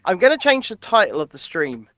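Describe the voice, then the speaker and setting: A man co-hosting an irreverent live commentary, teasing with deadpan quips. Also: sits high, brisk, no echo.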